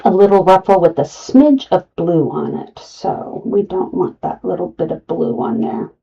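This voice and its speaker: A woman's voice: on the low side, expressive, normal speed, gravelly, dark tone, breathy edge, distant mic, muffled recording. A middle-aged woman running a live craft tutorial, chatty and talking herself through each cut. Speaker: craft demonstrator.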